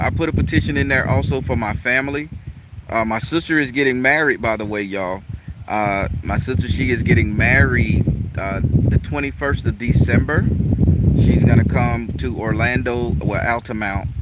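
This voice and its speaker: A loose, talkative man swears freely and laughs easily as he chats to his viewers. He speaks at an everyday middle pitch, recorded outdoors in the countryside. Loud outdoor noise and a passing vehicle fill the background. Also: normal speed. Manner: loose, profane and chatty, laughs often. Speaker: spiritual practitioner and channel host. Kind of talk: casual vlog chat to viewers. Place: outdoors in a rural natural setting.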